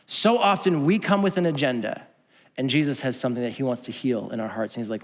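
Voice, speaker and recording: A man preaching a sermon as pastor, an animated storyteller who acts out voices and swings from loud to hushed. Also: mid-range voice, brisk. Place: church auditorium. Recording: long church hall reverb.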